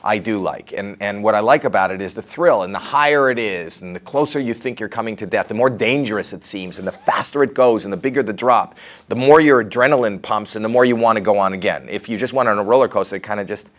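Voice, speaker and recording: A man's voice: fairly low pitch, quick pace. A middle-aged man with a Canadian accent, talking through his comedy career in a candid, rambling, self-deprecating interview.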